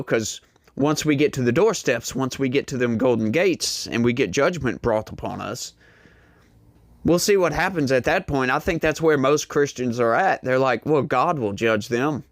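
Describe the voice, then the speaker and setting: A man's voice: medium pitch, moderate pace, no echo. A man sharing his take on a panel in a loose, easygoing ramble. His voice sits dry and close with no room sound. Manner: casual, rambling, relaxed. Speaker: panel guest. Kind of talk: casual debate remark.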